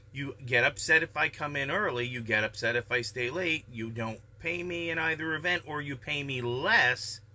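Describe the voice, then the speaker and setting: A man giving calm, measured, reflective life advice in a casual daily vlog monologue. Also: mid-range voice.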